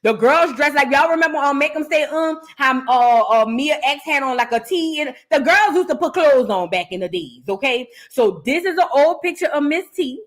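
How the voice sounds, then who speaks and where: A woman hosts a gossip reaction show. Her voice sits a little high, and she talks in a loose, chatty way, speaking straight to her viewers. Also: animated, normal speed, few pauses. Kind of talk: casual commentary.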